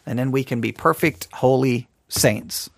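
A man's voice: medium pitch, unhurried, gravelly, no echo. A man hosting a casual Christian podcast, talking in a rambling, self-deprecating way with many restarts. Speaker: podcast host.

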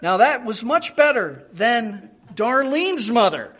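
High-voiced preacher with an animated delivery. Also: male voice, takes it slowly, breathy edge. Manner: animated, acts out quoted speech in changed voices; repeats and restarts words while thinking aloud. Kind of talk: sermon.

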